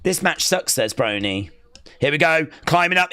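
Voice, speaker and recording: A young man hosting a wrestling watch-along live stream, reading chat aloud and cheering loudly. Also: on the high side, expressive, moderate pace, clear, resonant tone.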